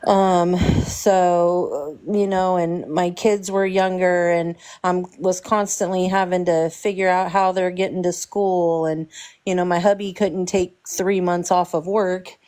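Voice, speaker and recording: Low-voiced woman rambling reflectively. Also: steady tone, a little slow, darkish tone. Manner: rambling, reflective, many fillers. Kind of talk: casual live-stream chat.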